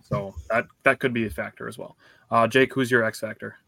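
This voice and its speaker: Bright-voiced man hosting a podcast. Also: mid-range voice, fairly even intonation, fairly quick, gravelly, slight background noise. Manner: leads the talk, hands turns to others. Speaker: podcast host. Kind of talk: casual sports podcast chat.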